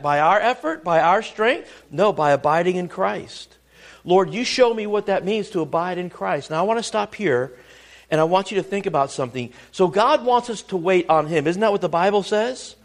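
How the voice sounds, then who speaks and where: A man with a high voice preaches a sermon to his congregation. He repeats phrases for emphasis and keeps asking the room questions. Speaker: pastor.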